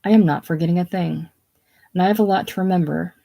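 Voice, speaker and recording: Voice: mid-range voice, fairly even intonation, quick pace, vocal fry, mellow. A solo reader voicing a sweet, prim young wife with a Texas drawl in a casual reading of a play. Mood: prim, earnest. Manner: prim, earnest.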